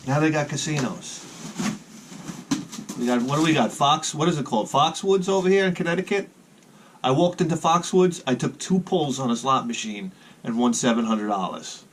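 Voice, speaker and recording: A man's voice: on the high side, normal speed, slight background noise. Rambling middle-aged man telling stories. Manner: rambling, restarts sentences, chuckles at own jokes. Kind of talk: rambling casual storytelling.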